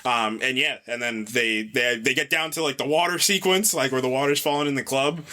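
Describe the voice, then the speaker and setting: Bright-voiced man riffing on a film. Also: medium pitch. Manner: joking, quick asides, laughs often. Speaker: podcast co-host. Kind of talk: casual movie review chat.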